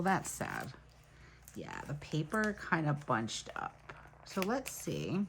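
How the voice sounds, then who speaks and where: A woman vlogger with a low, gravelly voice talks casually through a crafting tutorial at her desk. She narrates every step and shrugs off her little mistakes. A faint background noise sits under her voice. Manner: chatty, narrates each step, laughs off mistakes. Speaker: planner vlogger.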